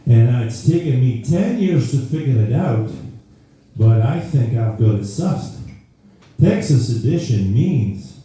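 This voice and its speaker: A man's voice: mid-range voice, animated, a little slow, mellow. Man doing stand-up in a roomy venue. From Scotland. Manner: rambling, self-interrupting storytelling. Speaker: stand-up comedian. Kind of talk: live stand-up routine. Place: live comedy venue. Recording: roomy live venue, mic far off.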